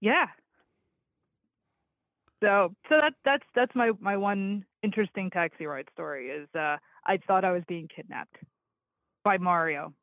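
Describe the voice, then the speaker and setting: A woman's voice: fairly low pitch, unhurried, long pauses, no room sound. A woman who calls in regularly to a talk show, telling stories and often laughing. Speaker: regular caller. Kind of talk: casual call-in chat. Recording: tinny phone line.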